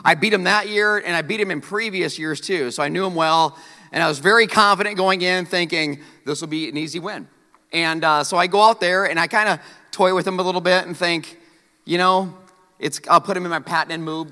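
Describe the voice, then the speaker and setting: Animated, joking male preacher. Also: fairly high pitch, long reverb tail. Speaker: pastor. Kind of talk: sermon.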